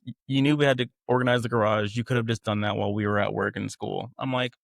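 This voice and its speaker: A man's voice: mid-range voice, fairly even intonation, quick pace, gravelly, hardly any pauses, no room sound, clean studio sound. A young man candidly recounting a painful personal story as a guest, conversational and quoting others as he goes. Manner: conversational, quotes others in acted voices.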